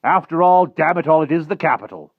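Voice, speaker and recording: A man's voice: a little high, lively intonation, fairly quick, gravelly, no room sound, narrow, tinny audio, voice pushed up. Sir Grummore, a man doing a bluff old knight. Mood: excited. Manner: hearty, exclaiming.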